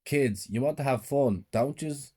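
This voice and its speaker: A gruff, short-tempered father barks orders at his son, as the narrator voices him. The voice is loud and raised but keeps a mellow, dark warmth underneath. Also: mid-range voice, unhurried, voice pushed up. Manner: shouting, gruff.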